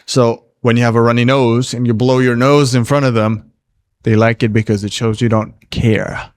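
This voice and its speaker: A man's voice: mid-range voice, little pitch movement, moderate pace, dry recording. Blunt, profane male dating coach. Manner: blunt, profane, laid-back advice giving; reads viewer questions aloud. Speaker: dating coach answering chat questions. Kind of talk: casual livestream Q&A.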